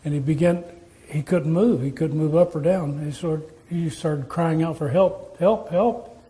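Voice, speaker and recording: A man's voice: on the high side, steady tone, normal speed, warm tone. A man preaching a sermon in a folksy, storytelling way, asking his listeners rhetorical questions.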